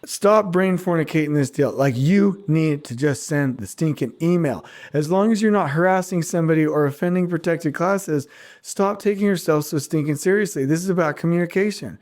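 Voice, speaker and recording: Man, podcast host, casual monologue, teasing, middle-aged, fairly high voice. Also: darkish tone. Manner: joking, teasing, quick asides with laughter.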